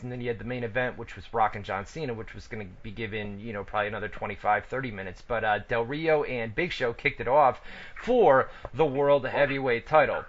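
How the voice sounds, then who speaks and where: A man's voice: medium pitch, fairly bright tone. A man hosting a wrestling radio show, rambling and cursing in casual banter full of laughs. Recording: dull lo-fi radio recording.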